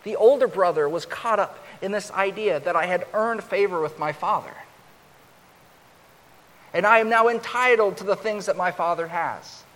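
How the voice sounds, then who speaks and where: A man preaching a sermon, growing louder and higher as he acts out the older son's complaint. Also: normal speed. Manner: rises loud and high when acting out the older son's complaint. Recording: long hall reverb with faint hiss.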